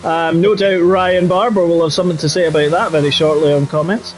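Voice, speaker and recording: A man's voice: a little high, fairly even intonation, fairly quick. A man giving live sim-racing commentary in a chatty, jokey way with playful quips. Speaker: race commentator.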